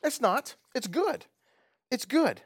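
A man's voice: extremely high pitch, very animated, slow pace, dry recording, studio quality. A man preaching a conversational sermon who chuckles often and asks his listeners questions. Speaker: pastor.

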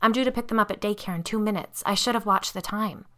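A woman's voice: medium pitch, quick pace, bright, forceful tone, pitched above the performer's own voice, natural voice. A woman reading a horror story aloud, voicing a young mother who speaks in a hesitant, stammering, apologetic way. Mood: flustered. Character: flustered, apologetic young mother, paranormal investigator.

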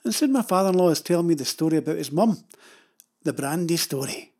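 A man's voice: fairly high pitch, lively intonation, quick pace, a little mellow, husky. An older man with a Scottish accent, telling rambling, wry stories about his travels. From Scotland. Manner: chatty, digressive, wry. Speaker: storyteller. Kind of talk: rambling anecdotal narration.

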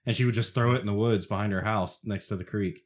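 A man's voice: on the low side, steady tone, fast talker. A man co-hosting a casual podcast chat, telling a story with lots of swearing. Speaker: podcast co-host.

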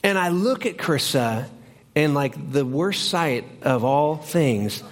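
A young man preaching a sermon as pastor in a church, telling stories in an animated way and acting out both sides. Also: fairly high pitch, takes it slowly. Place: church sanctuary.

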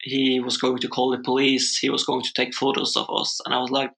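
Bright gravelly young man telling a story. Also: medium pitch, completely flat delivery, brisk. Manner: rambling, full of "like" fillers. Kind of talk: casual chat.

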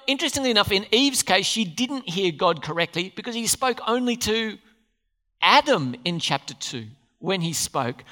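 Animated preacher man, bright lively voice. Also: extremely high pitch. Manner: animated, asks the congregation questions. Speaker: pastor. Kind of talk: sermon. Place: church.

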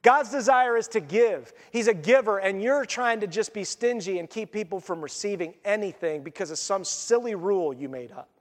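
Lively high-voiced pastor preaching. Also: male voice, moderate pace, few pauses, long reverb tail. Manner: conversational, animated, laughs at his own points. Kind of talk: sermon.

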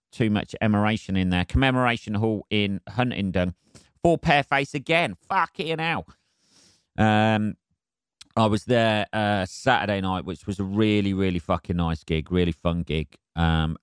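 A man talks alone into the mic in a low, smooth, resonant voice, dry and close with no room around it. He rambles through his week with plenty of ums, swears freely and keeps apologising with cheeky self-mockery. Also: no echo. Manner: rambling with many fillers and jumpy emphasis. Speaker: stand-up comedian and podcast host. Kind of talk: casual solo podcast chat.

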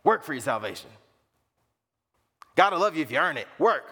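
A man's voice: on the high side, sing-song, fairly quick, sharp tone, breathy edge, full character voice. Male preacher voicing an insistent wolf-like false teacher, bark-like orders, hall echo. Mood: pushy. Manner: insistent, barking commands. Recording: long reverb of a large hall.

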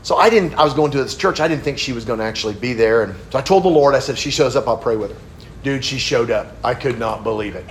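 A man preaching a sermon, rising high and loud on key points and dropping low and quiet as he tells a personal story, talking casually with many restarts. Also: fast talker, a little hiss or hum.

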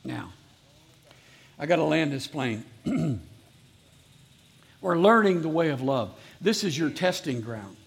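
A man's voice: a little high, expressive, slow pace, gravelly, pauses often, husky. A man preaching a sermon as pastor to a live congregation, earnestly repeating his exhortations.

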